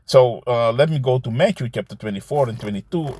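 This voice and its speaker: A man teaching scripture in a loose, conversational way, reading verses slowly and commenting, often adding "man" and "you see". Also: medium pitch, a little mellow, breathy edge. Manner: reads verses aloud slowly, then comments.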